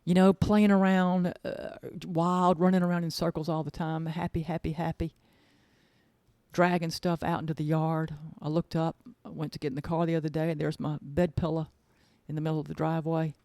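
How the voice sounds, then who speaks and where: A woman's voice: sits low, little pitch movement, brisk, a little mellow, dry recording. A woman hosting her own podcast as an author, chatting casually in a gushing, rambling way and repeating words for emphasis. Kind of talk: casual chat.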